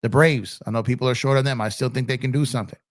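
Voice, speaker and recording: A man's voice: medium pitch, fairly even intonation, very fast, no echo, clean studio sound. A man hosting a casual live-stream sports chat, recovering from a cold, laid-back and repeating himself as he reads out chat.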